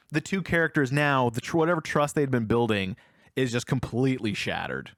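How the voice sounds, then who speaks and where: A man co-hosting a casual film review podcast, retelling scenes with animated energy and acting out characters' lines. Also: on the high side, normal speed, dry recording, studio quality. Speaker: podcast co-host.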